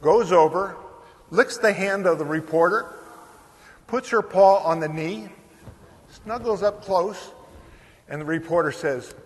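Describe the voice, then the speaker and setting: An older man with a slightly high voice tells a story from the stage of a big conference hall. His words ring on in a long reverb as he carries the room through the tale, dotted with ums and uhs. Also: a little slow, long pauses, slight background noise. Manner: lively anecdotal telling with frequent fillers. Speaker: keynote speaker. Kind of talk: storytelling keynote speech.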